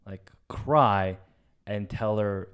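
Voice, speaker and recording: A young man casually telling a story on a podcast, animated and swearing freely, jumping up in pitch when excited. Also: very slow, smooth. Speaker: podcast co-host.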